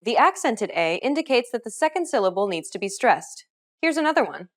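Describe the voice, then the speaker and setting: Woman teacher reading a lesson script, bit high voice, really animated. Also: brisk. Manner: clear, instructive. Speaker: language teacher. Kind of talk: scripted narration.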